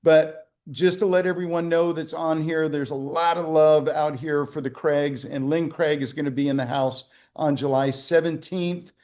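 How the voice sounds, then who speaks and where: Man on a video call, fairly high voice, rambling, joking, lots of ums. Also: steady tone, normal speed, hardly any pauses, darkish tone. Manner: rambling, joking, many fillers and restarts. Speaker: winery executive hosting a tasting. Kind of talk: casual virtual tasting chat. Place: winery.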